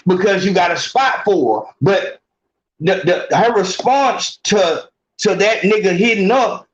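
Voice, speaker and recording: A man hosts a call-in podcast with a high voice, cursing freely and repeating himself as he talks. The room sounds echoey, and the recording is dull and muffled. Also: measured pace. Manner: animated, profane, repeats and restarts often. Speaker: podcast host taking calls. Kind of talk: casual call-in advice talk.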